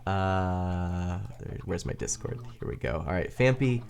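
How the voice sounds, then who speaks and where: A man chats casually with his viewers while he plays a building game. His voice sits low but swings widely in pitch, and he laughs often and pokes fun at himself. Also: expressive, unhurried, gravelly, a little mellow, a little hiss or hum. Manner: chatty, self-deprecating, laughs often. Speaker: streamer. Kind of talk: casual gaming stream chat.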